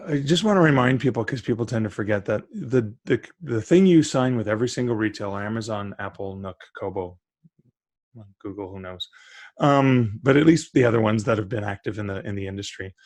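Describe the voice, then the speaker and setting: A man's voice: lowish voice, dry recording. A middle-aged man, a guest on a podcast, talking casually and eagerly about publishing, often restarting his sentences. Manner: enthusiastic, restarts mid-sentence.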